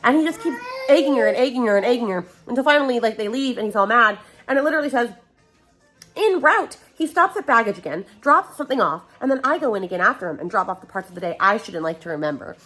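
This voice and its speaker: A woman's voice: mid-range voice, fast. A young woman talks straight to her phone camera at home, ranting about a book she can't stand. Her voice sits mid-height but swoops up and down with exasperation. She mocks the lines she reads aloud. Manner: exasperated, animated, mocking quotes. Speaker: book vlogger. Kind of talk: casual reading vlog rant. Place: home hallway.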